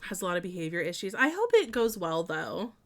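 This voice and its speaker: A woman's voice: fairly low pitch, very animated, a little fast. A young woman streaming a building game, chatting casually with lots of fillers and giggles.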